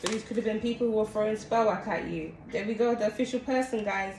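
A woman's voice: mid-range voice, quick pace. A woman giving a casual tarot reading to her viewers, chatty and often calling out to them as guys. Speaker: tarot card reader. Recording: echoey room with steady background noise.

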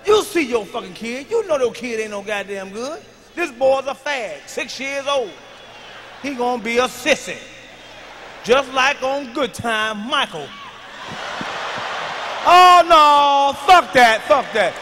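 A man with a high, bright voice does stand-up, loud and profane, and shouts out his punchlines. He is recorded live in a big arena on a handheld mic. A long reverb trails each line, with a faint hum of the room underneath. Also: animated, unhurried. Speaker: stand-up comedian. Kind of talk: stand-up routine. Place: large arena stage with live audience.

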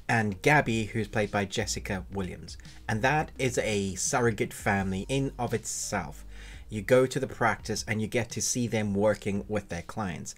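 A man giving a casual, enthusiastic spoken review of a TV series, rambling a little and restarting his sentences. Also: fairly low pitch.

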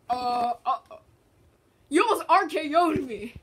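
A woman hosting a gaming video, excitedly reacting to a match and chatting in voices for her stuffed animals. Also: high voice, unhurried. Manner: excitable, squealing and groaning at the game. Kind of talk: playful game commentary with toy voices.

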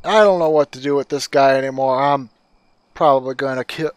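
A man's voice: medium pitch, a little fast, smooth, dry recording. A man hosting a casual gameplay stream, wry and blunt, with dry asides and casual swearing. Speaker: streamer host.

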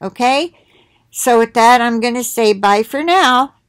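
Reading titles aloud and tossing in asides, a middle-aged woman chats ramblingly to viewers in a video where she shares links. Her pitch is fairly high and her intonation lively, though she speaks a little slowly. There's no echo.

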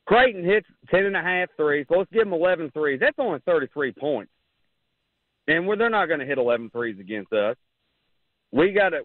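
A man calling into a radio show, out of breath and rambling excitedly about a game. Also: a little high, no room sound. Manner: rambling, excited fan talk. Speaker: caller. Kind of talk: casual call-in chat. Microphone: phone. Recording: tinny phone line.

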